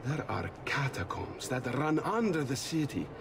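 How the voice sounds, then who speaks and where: La Volpe, a sly thief. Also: male voice, medium pitch, sing-song, normal speed, vocal fry. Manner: teasing, laughs easily. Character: sly, playful male thief leader, adult. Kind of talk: video game voice acting. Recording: game audio with crowd noise.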